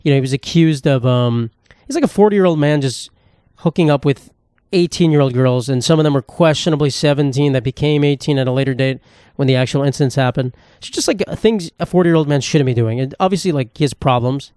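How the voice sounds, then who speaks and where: A young man talks through a solo podcast, loose and rambling, swearing freely and tossing in sarcastic asides. His voice sits at an ordinary middle pitch, and his throat sounds dry. The sound is close and dead, with no room around it. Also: brisk, few pauses, darkish tone, smooth, dry recording. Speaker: podcast host. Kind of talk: casual solo podcast monologue.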